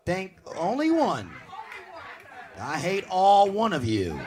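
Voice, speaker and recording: A man doing a live stand-up comedy set, talking loud and punchy and shouting his punchlines. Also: extremely high pitch, a little hiss or hum. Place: comedy stage before a live audience. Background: audience.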